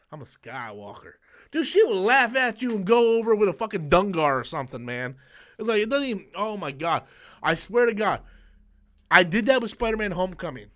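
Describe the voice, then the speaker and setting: High-voiced man ranting and cursing. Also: a bit bright. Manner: profane, ranting, mocking, with mimicked quotes. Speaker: channel host. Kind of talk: casual live-stream chat.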